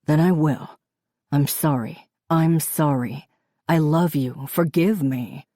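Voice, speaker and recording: A woman voicing a gentle, apologetic husband who speaks softly, with a hint of amusement. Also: low voice, takes it slowly, no room sound, studio quality. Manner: soft and gentle, quietly amused.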